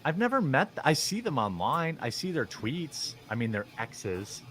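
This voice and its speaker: A man's voice: mid-range voice, very animated, moderate pace, a bit bright, slight background noise. A man giving opinionated commentary on video clips in a sarcastic, mocking, rambling way with many fillers. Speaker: commentary vlogger.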